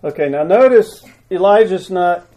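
A man's voice: high-pitched, animated, moderate pace, mellow, low-quality recording. A man preaching who reads scripture aloud and jokes as he directs volunteers acting it out. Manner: jovial, directing volunteers with asides. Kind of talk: sermon reading scripture aloud.

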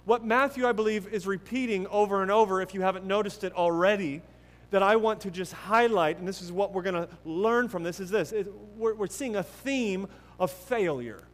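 A man preaching a sermon earnestly and emphatically, with many restarts, swinging between loud stresses and hushed passages. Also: high-pitched, normal speed, long reverb tail. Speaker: pastor.

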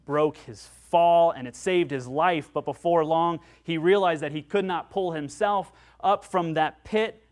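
A male pastor preaching a sermon in an earnest way, moving between hushed and loud passages. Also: a little high, a little slow, few pauses.

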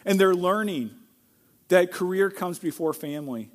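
A middle-aged man with a fairly high voice preaches a sermon as pastor. He speaks earnestly and directly to the congregation. He sometimes jumps into acted-out quotes at a much louder level. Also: moderate pace. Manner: earnest, acts out quoted lines with sudden loud outbursts.

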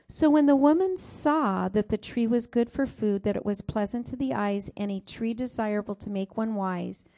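Woman preacher, middle-aged, mellow dark tone, sermon with scripture reading. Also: medium pitch, gravelly. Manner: warm storytelling with Bible reading, rising emphasis on verse numbers.

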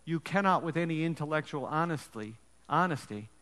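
A man preaching a sermon with an emphatic storytelling delivery and dramatic pauses. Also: fairly high pitch, lively intonation, fairly bright tone, big-room sound. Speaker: pastor.

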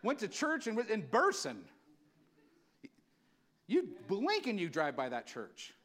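A man's voice: sits high, huge pitch swings, slow, a bit bright. A male pastor preaching an impassioned, conversational sermon, acting out quotes as he goes. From California.

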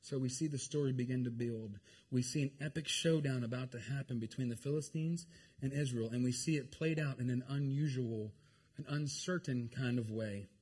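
A man preaching a lively, joking sermon to his congregation. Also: mid-range voice, normal speed, breathy edge. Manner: animated, jokey, talks to the congregation. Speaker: pastor.

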